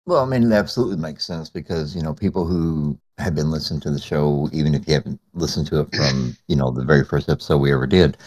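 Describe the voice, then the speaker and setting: A man's voice: a bass voice, quick pace, hardly any pauses, a little mellow. A man co-hosting a podcast interview, rambling and emphatic, full of fillers. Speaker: podcast co-host.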